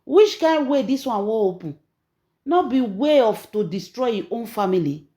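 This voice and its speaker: A Nigerian woman hosting her own channel, telling gossip in an emphatic, preachy way that swings between loud and soft. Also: a little high, animated, normal speed. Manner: emphatic, preachy, rising and falling in loudness. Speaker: channel host and gossip storyteller. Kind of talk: animated gossip commentary.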